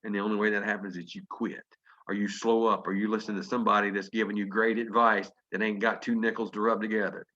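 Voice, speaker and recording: Folksy Southern man with a low voice. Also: little pitch movement, quick pace, sharp tone, muffled recording. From North Carolina, USA. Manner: folksy, earnest, emphatic. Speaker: motivational speaker. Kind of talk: motivational storytelling. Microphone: video call.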